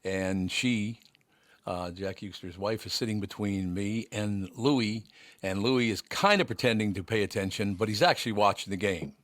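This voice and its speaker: A man with a somewhat low voice chats casually about sports. He reminisces and tells anecdotes from his broadcasting days in an easy conversational way. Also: normal speed, fairly bright tone.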